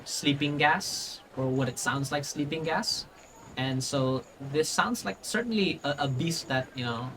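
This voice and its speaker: A man runs a tabletop game at a middle pitch, rambling through his scene with loose fillers and restarts. A faint noise sits behind his voice. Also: fairly bright tone. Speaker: game master.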